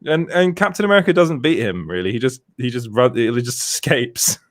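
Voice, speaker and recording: A man's voice: medium pitch, lively intonation, a little fast, a bit bright, no echo, studio quality. A man co-hosting a casual live stream, reading out chat comments and laughing often between restarts. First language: French. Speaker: podcast co-host.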